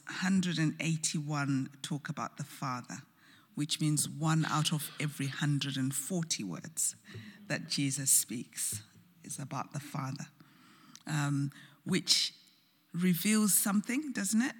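Low-voiced woman preaching in a hall. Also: breathy edge. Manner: slow, earnest storytelling with soft, hushed moments. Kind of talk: sermon. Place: church. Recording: church hall with long reverb.

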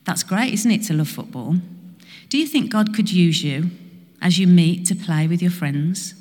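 A woman's voice: on the low side, expressive, moderate pace, darkish tone. Woman preaching in a reverberant hall. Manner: asks the congregation questions. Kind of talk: sermon to a congregation.

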